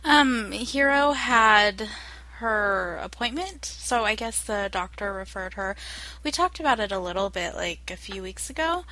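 Slow, bright-voiced young woman chatting. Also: mid-range voice, animated, no room sound, poor audio. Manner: slow, hesitant, lots of fillers. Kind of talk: casual chat.

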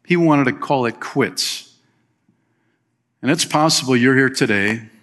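A male pastor preaching a sermon, reading scripture aloud and commenting with lively emphasis in a folksy way. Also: mid-range voice, measured pace. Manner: folksy, uses fillers and plain phrases.

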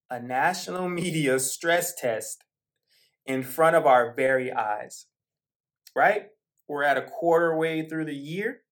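A man's voice: on the high side, a bit bright. A man hosting a podcast, talking through football in a rambling, conversational way with asides and fillers. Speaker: podcast host. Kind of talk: casual sports commentary monologue.

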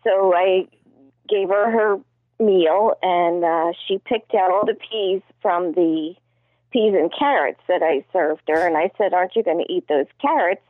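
A woman in casual conversation, telling gentle anecdotes in a deadpan way. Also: fairly low pitch, slow, no echo. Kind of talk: casual chat. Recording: tinny phone line.

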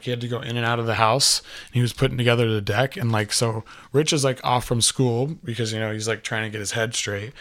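A young man recounts a personal story in casual, rambling speech. He leans on filler words and swears freely. His voice sits at an ordinary mid pitch.

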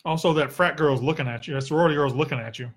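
Young Southern man, a fairly high voice, blunt and sarcastic, casual Q&A host who swears freely. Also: very fast. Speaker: sports podcast host. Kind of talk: casual solo Q&A.

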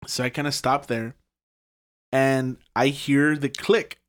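A young man in casual conversation, telling a long personal story. His speech rambles with constant fillers and frequent swearing, at an ordinary pitch for a man. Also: fairly even intonation, takes it slowly. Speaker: podcast guest telling a ghost story.

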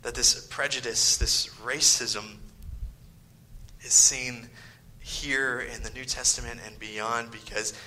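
A man preaching a sermon as pastor, swinging from loud emphasis to hushed whispered lines and firing off mocking rhetorical questions. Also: mid-range voice, steady tone, slow, a little hiss or hum, poor audio.

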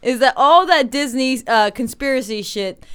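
A young woman co-hosting a casual chat, animated and laughing often, swearing freely. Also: high voice, normal speed, clean tone.

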